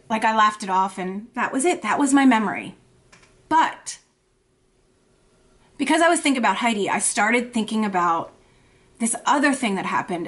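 A woman in her thirties talks to camera in a confessional makeup vlog, her voice pitched a little high. She speaks in halting, emotional bursts, full of fillers and restarts. She sounds shaky and anxious. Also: a bit bright. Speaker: beauty vlogger.

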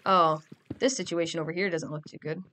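A woman's voice: fairly low pitch, steady tone, a little fast, a bit bright, slight background noise. Goofy teenage girl rambling over gameplay. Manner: chatty, goofy, rambling to the audience. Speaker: gamer. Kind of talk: casual gameplay commentary.

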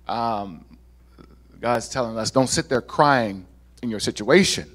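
A male pastor preaching a lively sermon to a congregation, with casual asides and laughs. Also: mid-range voice, unhurried. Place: church sanctuary.

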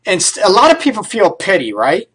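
High-voiced blunt male radio host. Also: huge pitch swings, brisk, fairly bright tone, slightly rough. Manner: blunt, emphatic, casual with mild swearing. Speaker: radio relationship advice host. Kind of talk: live radio talk. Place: radio studio.

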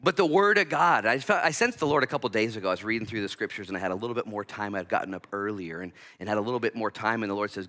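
A male pastor preaching a sermon, animated, acting out little voices and bursting loud at times. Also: lowish voice, very fast, hardly any pauses. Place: church sanctuary.

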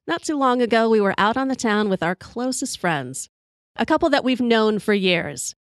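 A woman's voice: medium pitch, no echo, studio quality. A woman hosting a podcast, telling wry, profane stories in a conversational monologue while sipping whiskey. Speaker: podcast host.

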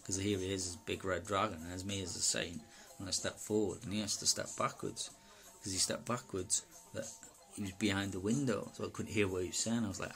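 A man from Wales recounting a personal experience in a rambling, halting way, full of fillers and asides. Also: low voice, steady tone, gravelly, fairly bright tone, faint music behind. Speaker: personal testimony speaker.

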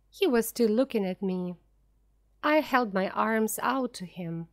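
A woman reading a ghost story aloud for English learners, slowly, clearly and deliberately. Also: mid-range voice, lively intonation. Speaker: audiobook narrator. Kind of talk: scripted narration for English learners.

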